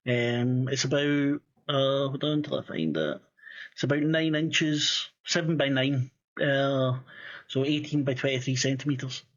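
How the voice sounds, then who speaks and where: A man's voice: mid-range voice, unhurried, highs cut off. A man running a tabletop game as game master, rambling and swearing, full of fillers and restarts.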